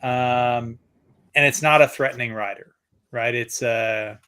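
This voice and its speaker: A man hosting a casual book club chat, animated and often laughing as he reads passages aloud. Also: medium pitch, measured pace, smooth.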